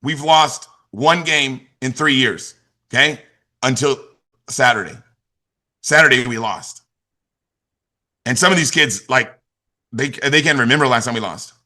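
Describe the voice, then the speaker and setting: A middle-aged man leading a motivational team call, energetic and repetitive, asking questions and answering them himself. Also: medium pitch, measured pace, pauses often. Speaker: team leader and youth football coach.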